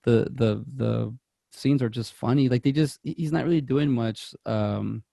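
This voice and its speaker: A man's voice: mid-range voice, normal speed, vocal fry, mellow, dry recording. A man co-hosting a podcast, chatting casually about movies, rambling with many restarts and quoted lines. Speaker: podcast co-host.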